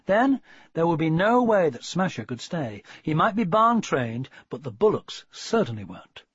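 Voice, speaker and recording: A man narrating a children's story in an expressive, measured way, on a dull, dry lo-fi recording. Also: fairly high pitch, breathy edge, no room sound.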